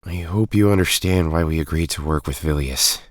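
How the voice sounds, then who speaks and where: A young man voicing a steady young team leader in an audio drama, earnest and reassuring. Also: a bass voice, normal speed, dry recording, clean studio sound.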